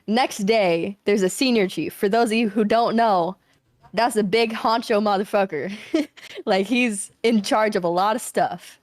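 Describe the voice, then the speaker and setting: A young woman hosting a live stream, telling a story in a casual, animated way, swearing freely. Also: mid-range voice, a little slow, dry recording. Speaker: streamer host.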